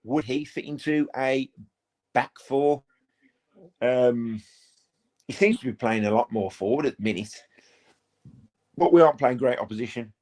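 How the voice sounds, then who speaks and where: A man hosts a live football watch-along from his home. He talks casually and rambles to his viewers, then breaks into quick play-by-play when the action heats up. His voice sits at an ordinary middle pitch for a man. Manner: chatty, rambling, bursts into excited play-by-play. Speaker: fan channel host.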